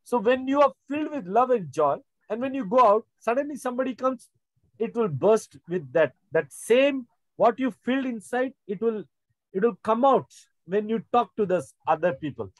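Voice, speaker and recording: A man's voice: very high voice, animated, normal speed, no echo, rough recording. A middle-aged man preaching a sermon, rambling with many fillers and restarts. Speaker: pastor. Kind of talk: sermon teaching.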